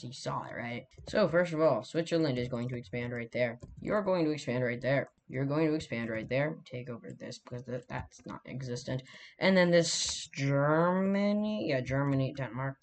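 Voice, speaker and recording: A young man giving casual, rambling commentary while drawing a map, often correcting himself and joking. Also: mid-range voice. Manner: rambling, self-correcting, jokey asides. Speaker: mapping video creator.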